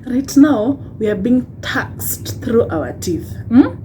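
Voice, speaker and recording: A woman's voice: fairly high pitch, very animated, slow, mellow, slight background noise, poor audio. A young Kenyan woman with a Kenyan accent ranting on a vlog, impassioned and rhetorical, tagging points with "hmm?" and wry laughs. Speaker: vlogger.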